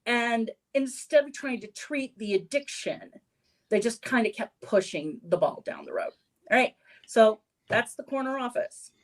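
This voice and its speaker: A woman's voice: fairly high pitch, animated, a little slow. A woman hosting a casual sports podcast segment, talking in a chatty way and laughing at her own lines. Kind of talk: casual opinion talk.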